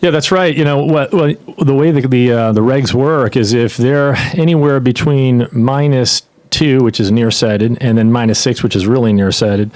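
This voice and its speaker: Measured male guest, dry mic. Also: mid-range voice, a little mellow, no room sound. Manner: explanatory, measured. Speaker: podcast guest, eye surgeon. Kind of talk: casual podcast interview.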